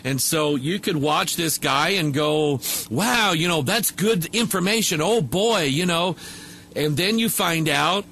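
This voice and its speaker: A man's voice: on the high side, bright, forceful tone, a little hiss or hum. A man preaching to a camera microphone, talking loosely with many fillers and restarts. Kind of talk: casual video commentary.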